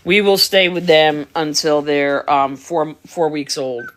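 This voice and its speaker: A woman's voice: sits low, slow. A middle-aged woman breeder chatting casually on a livestream beside her puppies, explaining her methods and answering viewer comments. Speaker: dog breeder. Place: home, beside a whelping box.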